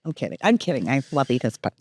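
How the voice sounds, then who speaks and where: A woman co-hosting a comedy podcast, teasing her co-host and laughing as they chat. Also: a bass voice. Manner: animated, teasing, quick to laugh.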